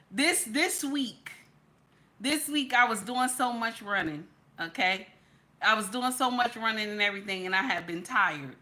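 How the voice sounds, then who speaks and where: Bright-voiced chatty woman streamer. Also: on the high side. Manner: animated, repeats "okay?" constantly. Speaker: livestream host. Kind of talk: casual chat reading viewer comments.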